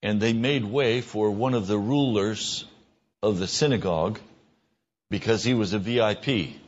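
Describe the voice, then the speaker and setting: Slow earnest male preacher, dull recording. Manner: earnest, rises in pitch for emphasis and mimicked dialogue. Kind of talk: sermon.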